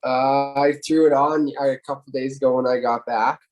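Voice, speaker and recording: A man talks easily and casually as a podcast co-host. His voice sits at a middle pitch and moves little. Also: steady tone, moderate pace, a little mellow. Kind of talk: casual chat.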